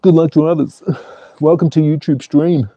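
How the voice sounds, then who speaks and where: A man hosting a live stream, calling slot car races with an excitable, playful manner and joking with the chat. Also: fairly high pitch, moderate pace, no room sound, muffled recording. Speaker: live stream host and race caller.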